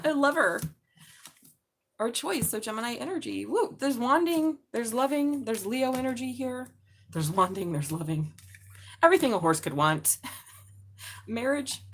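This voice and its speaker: A woman in her forties reads tarot live on a stream, her voice sitting at an ordinary middle pitch. She talks in an excitable, loose way, swears without a second thought and keeps laughing between cards. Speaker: tarot reader.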